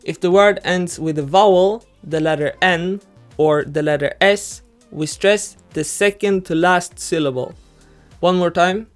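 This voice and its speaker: A man narrating a scripted language lesson in a measured, even instructional way. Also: high voice. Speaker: language teacher. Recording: music bed under voice-over. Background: faint background music.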